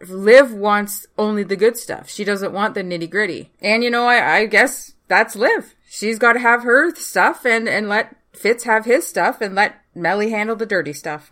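A woman's voice: mid-range voice, a bit bright. A woman hosting a podcast, chatting casually and emotionally about the week's TV episodes, often exclaiming and gushing. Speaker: podcast host. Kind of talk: casual TV recap chat.

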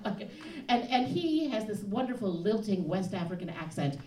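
A woman in her thirties with a Chicago accent tells a funny story on stage, animated and laughing through her punchlines. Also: mid-range voice, fairly quick, hardly any pauses, far from the mic. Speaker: stand-up comic. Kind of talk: live stand-up storytelling. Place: comedy club stage. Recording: roomy live club recording with audience noise.

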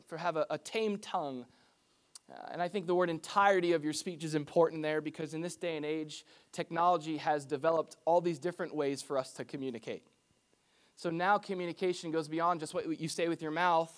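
Conversational pastor preaching to his church. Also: on the high side. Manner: conversational preaching with personal stories. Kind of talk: sermon.

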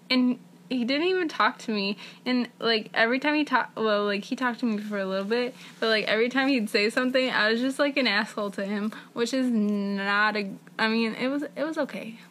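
A woman's voice: on the high side, fairly bright tone, a little hiss or hum. A young woman co-hosting a podcast from her dorm room, telling a rambling, giggly story full of "like"s. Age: young adult. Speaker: podcast co-host. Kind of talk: casual chat.

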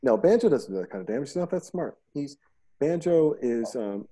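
A middle-aged man hosts a podcast in loose, casual chat, a warm and mellow voice at an ordinary pitch. He rambles, jokes and swears freely, slipping into quick acted-out quotes. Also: lively intonation. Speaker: podcast host.

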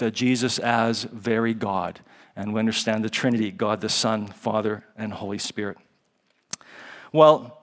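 Speaking at medium pitch, a man invited to a college chapel opens with prayer before teaching Scripture casually. Ums and chuckles come through as he unpacks Hebrew and Greek terms.

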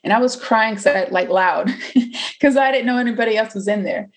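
A woman's voice: on the high side, fairly quick. A woman in her twenties candidly telling a personal story, chatty, with many fillers and acted-out quotes. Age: 20s.

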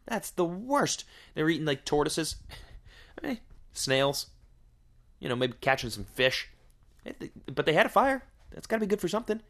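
A man's voice: on the high side, very animated, normal speed, long pauses, fairly bright tone. A man riffs casually on his podcast in a crude, joking way. He swears constantly and keeps asking rhetorical questions as he rambles. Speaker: podcast host. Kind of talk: casual comedic podcast monologue.

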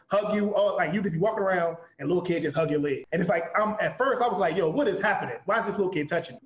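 A man in his thirties from Washington, DC, an art teacher and guest in a casual conversation. He talks in loose, rapid runs full of "like.". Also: on the high side. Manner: rapid, loose, heavy use of filler "like". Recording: roomy, slightly dull sound.

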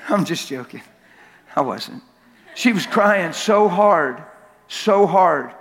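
Male preacher, high voice, emphatic and repetitive delivery with shouted peaks; long church-hall reverb. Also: lively intonation, takes it slowly, creaky, slight background noise. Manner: emphatic, repeats words for effect, rises to shouting at climaxes; jokes with the crowd. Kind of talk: sermon.

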